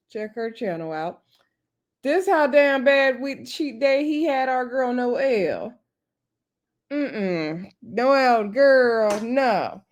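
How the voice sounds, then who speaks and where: A tired woman hosting her own channel, recapping a reality show in a casual, chatty way with lots of "y'all" and quick laughs. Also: on the high side. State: tired, up late. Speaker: YouTube host recapping reality TV.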